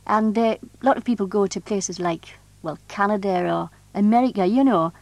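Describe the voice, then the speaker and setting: A woman with a Geordie accent chatting about her home town, often saying "you know" and pausing with uh. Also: medium pitch, a little mellow, no echo. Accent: Geordie (Tyneside). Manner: chatty, frequent "you know", some hesitation. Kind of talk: unscripted spoken description.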